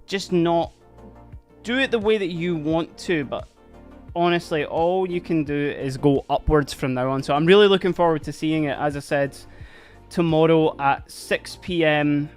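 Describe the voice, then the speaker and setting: A man from Scotland hosts a casual livestream, chatty and upbeat, thanking viewers as he reads the chat. His voice is on the high side, a little slow and clean in tone, with soft music in the background.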